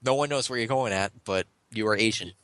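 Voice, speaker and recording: Young male interviewer, low bright voice, rambly fan energy, dry call audio. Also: fairly quick, dry recording. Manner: rambling, filler-heavy, eager fan. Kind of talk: casual online interview. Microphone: online voice call.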